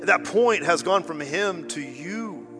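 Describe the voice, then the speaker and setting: A man, a pastor, preaching to a congregation, swinging from loud emphasis to hushed lows and talking directly to the people. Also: expressive, slow pace. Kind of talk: sermon. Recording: reverberant hall, faint music behind.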